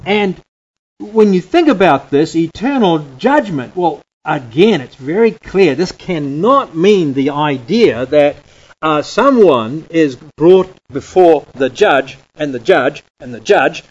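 A man teaching a Bible lesson from slides, deliberate and repetitive, often checking in with "right?". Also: on the high side, lo-fi sound. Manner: deliberate, repeats key phrases, checks in with "right?".

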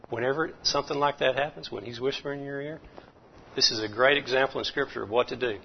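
A man delivers a folksy sermon with animated, chuckling energy. His voice sits a little high, and the recording is dull and lo-fi. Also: fast talker, gravelly, slight background noise. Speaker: preacher. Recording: muffled lo-fi recording.

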